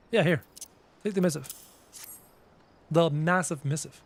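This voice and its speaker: A man streaming a game and chatting casually with viewers, a projecting, energetic talker with faint game music behind. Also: on the high side, brisk, pauses often. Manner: projects his voice, loud and energetic. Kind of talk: casual live-stream chat.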